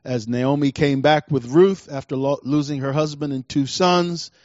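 A man preaching a sermon as a pastor, swinging between fervent declarations and hushed asides. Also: a little high, normal speed, dry recording, muffled recording.

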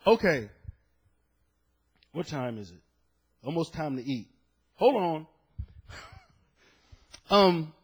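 A man preaching a sermon as pastor, passionate and dramatic, dropping low and then rising to shouts before his congregation. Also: slightly rough. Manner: impassioned preaching, swinging from hushed to shouting. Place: church.

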